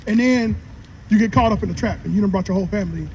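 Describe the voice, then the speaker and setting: Earnest high-voiced man explaining scripture. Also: racing, slight background noise, low-quality recording. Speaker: street teacher. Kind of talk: street Bible teaching.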